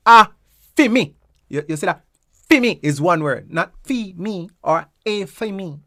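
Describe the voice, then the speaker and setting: A woman's voice: fairly low pitch, moderate pace, a bit bright, dry recording, studio quality. A woman with a Jamaican accent explaining everyday phrases in a casual, playful way, repeating words rhythmically to show how they sound. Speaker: presenter teaching local phrases.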